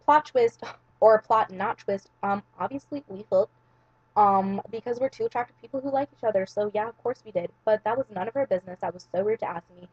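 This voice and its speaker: A woman's voice: medium pitch, a little fast, darkish tone, husky, dry recording, lo-fi sound. A young woman telling a long personal story to camera in a casual, rambling way, full of "like" and "um.". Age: young adult. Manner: rambling, heavy use of "like" and "um". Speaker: vlogger.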